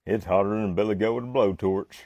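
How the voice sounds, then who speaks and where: A man's voice: fairly low pitch, fairly even intonation, fairly quick, warm tone, no room sound, studio quality. A man with a Southern US accent teasing and arguing good-naturedly in a casual couple video. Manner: teasing, folksy, stubborn.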